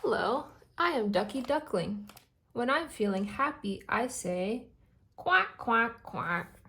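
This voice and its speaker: A woman's voice: a little high, big pitch swings, takes it slowly, creaky, fairly bright tone, full character voice. A woman voicing a cheerful little male duckling in a storybook, reading in a sing-song way.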